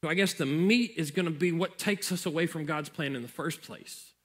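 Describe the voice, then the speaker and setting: A man's voice: a little high, fairly quick, a bit bright. A male pastor preaching a sermon in a conversational way, repeating phrases for emphasis.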